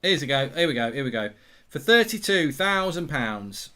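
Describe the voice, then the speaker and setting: Brief: male streamer, watchalong host, casual and sarcastic, very lively pitch. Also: normal speed. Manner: rambling, sarcastic, swears and sings along in bursts. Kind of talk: casual live-stream chat.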